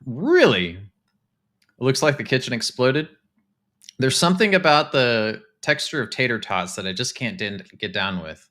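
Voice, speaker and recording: A man, casually chatting to his live-stream viewers while touring game houses, excitable and talkative. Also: mid-range voice, a little slow. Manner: chatty, excitable, talks to chat.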